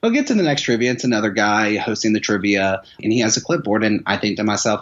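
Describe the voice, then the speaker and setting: A man's voice: fairly low pitch, very animated, fast, hardly any pauses, a bit bright. A man chatting casually as a podcast guest, telling a long story full of restarts and repeated words. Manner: rambling storyteller with many restarts. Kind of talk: casual chat. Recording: dull lo-fi sound.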